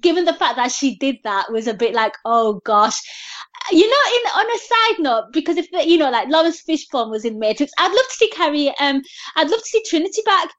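A woman's voice: high voice, big pitch swings, a little fast, a bit bright, highs cut off. A woman on a panel chatting casually about a film, thinking aloud as she goes.

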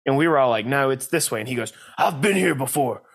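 A man's voice: mid-range voice, expressive, fast, breathy edge. A man co-hosting a podcast, telling rambling stories in casual chat and laughing often. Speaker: podcast co-host.

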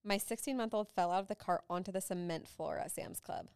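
Smooth-voiced young mom, chatty. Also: female voice, fairly low pitch, brisk, a little mellow, no echo, studio quality. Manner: bubbly, laughing, storytelling. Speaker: podcast co-host. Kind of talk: casual chat.

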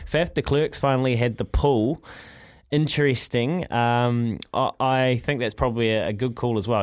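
Kiwi guy hosting breakfast radio, keen and chatty, trips over his words a bit. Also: mid-range voice. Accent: New Zealand. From New Zealand. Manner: enthusiastic, chatty, restarts phrases. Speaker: radio host.

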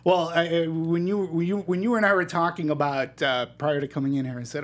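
A woman hosting a casual panel film review, chatty and halting with restarts. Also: low voice, fairly even intonation. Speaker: host.

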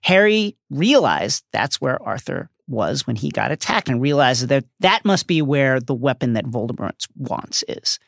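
A man with a gravelly, fry-tinged voice co-hosts a book podcast. He retells the plot with lively energy and reads out quoted lines, all in a dry, close-miked sound. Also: mid-range voice, a little slow, few pauses, no echo. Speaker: podcast co-host. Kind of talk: podcast recap narrating a novel's plot.

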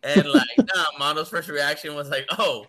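A man in his thirties co-hosts a casual podcast chat. His voice sits a little high and sounds bright and forceful. He jokes and teases, laughing often. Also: animated, normal speed, creaky. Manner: joking, teasing, laughs often. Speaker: podcast co-host.

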